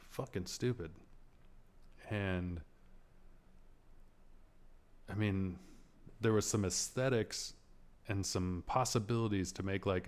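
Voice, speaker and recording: A man with a very deep, low voice holds forth as a podcast host. He rambles, swears freely and turns sarcastic, breaking into laughs as he vents. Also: a little mellow. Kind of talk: casual movie rant.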